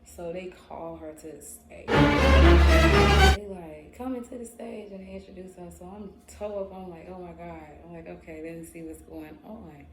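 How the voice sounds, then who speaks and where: A young adult woman telling a story casually in a vlog, animated and slangy. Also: fairly low pitch, moderate pace, few pauses, loud music behind the voice. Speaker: vlogger. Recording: roomy echo, faint ambience.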